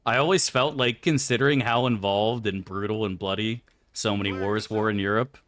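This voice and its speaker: A man's voice: fairly low pitch, steady tone, normal speed, a bit bright, dry recording. A man streaming a game, chatting loosely with his viewers and swearing freely. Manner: loose and rambling, swears freely, answers chat aloud. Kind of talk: casual live-stream chat.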